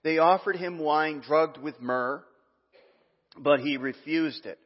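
A man preaching a sermon as pastor, reading scripture aloud with asides and some halting restarts. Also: on the high side. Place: church sanctuary. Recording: muffled, long hall reverb.

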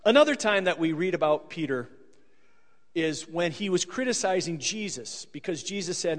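A man's voice: fairly high pitch, lively intonation, normal speed. A male preacher giving a casual, conversational sermon, joking and acting out scenes as he tells them. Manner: conversational, jokey, acts out scenes. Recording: long hall reverb.

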